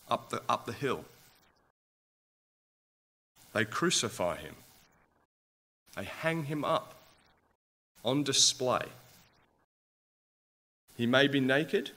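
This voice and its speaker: A man's voice: mid-range voice, pushed and bright. A man preaching a sermon, asking his listeners rhetorical questions and growing impassioned.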